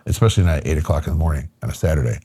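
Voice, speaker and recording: A man's voice: extremely low pitch, very fast, mellow, slightly rough, dry recording. A middle-aged man from Michigan, a podcast guest, telling a personal story casually with lots of fillers and acted-out quotes. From Michigan, USA.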